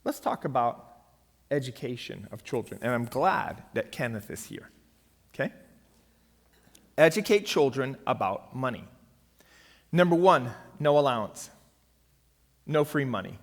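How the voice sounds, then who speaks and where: A man's voice: mid-range voice, big pitch swings, a little slow, pauses often. A middle-aged man giving a church finance seminar in an emphatic way, often checking in with his audience. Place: church hall. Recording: long reverb of a church hall.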